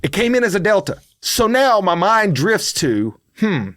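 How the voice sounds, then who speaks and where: Animated middle-aged man telling a story. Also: sits high, unhurried, no echo, studio quality. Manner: animated, builds to loud outbursts. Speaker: podcast co-host. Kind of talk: storytelling in casual chat.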